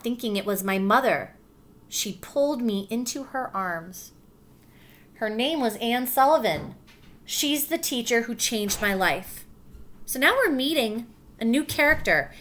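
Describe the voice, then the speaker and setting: Her voice sits a little high as she, a teacher, reads a picture book to young listeners. She breaks gently to pose questions and spells letters out slowly.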